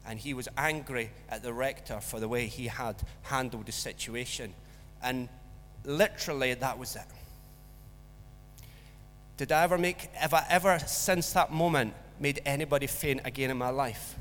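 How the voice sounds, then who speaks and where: A man's voice: medium pitch, normal speed, slight background noise. A man preaching a sermon, telling a school story with acted-out voices. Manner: storytelling, animated, acts out voices in anecdotes. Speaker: pastor. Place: church hall. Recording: long church hall reverb.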